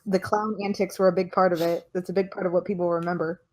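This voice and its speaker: A young woman co-hosting a podcast in casual chat, quick and talkative, often jumping in over the others. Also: lowish voice, flat delivery, a little mellow. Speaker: podcast co-host.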